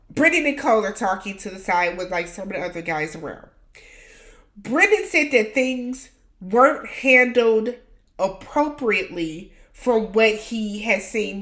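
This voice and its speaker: A woman's voice: medium pitch, fairly bright tone. A woman host giving a casual, opinionated recap of a reality show, blunt and full of slangy asides.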